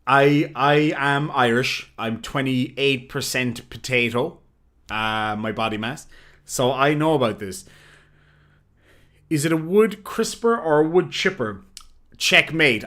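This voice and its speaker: A man hosting a casual livestream and reading viewer messages aloud, playfully combative and quick to swear. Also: on the high side, animated, fairly bright tone. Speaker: livestream host.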